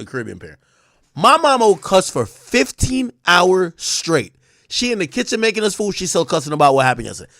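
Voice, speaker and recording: A man with a fairly high speaking voice rants through a livestream in heated, profane commentary. His pitch swings widely as he jumps from loud outbursts to muttering asides. The sound is close and dry, with no room echo. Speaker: livestream host.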